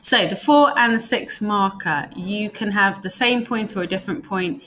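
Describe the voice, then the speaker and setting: A British woman teaching drama, walking through exam answers in a methodical, step-by-step way. Her voice sits a little low for a woman. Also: pushed and bright, a little hiss or hum. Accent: British English. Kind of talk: exam technique lesson.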